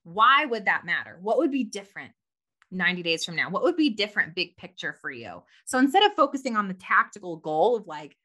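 Bright-voiced woman chatting animatedly. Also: mid-range voice, fairly quick. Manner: animated, laughs a lot, uses filler "like". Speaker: podcast co-host. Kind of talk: casual chat.

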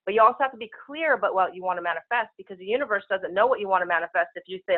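A woman speaking as a spiritual healer guest, talking very fast in casual, rushing speech over a telephone call-in. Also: medium pitch. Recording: tinny phone line.

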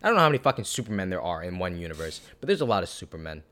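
Man, very deep voice, rambling podcast talk, casual swearing. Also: big pitch swings, rapid-fire, fairly bright tone. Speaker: podcast co-host. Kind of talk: casual chat.

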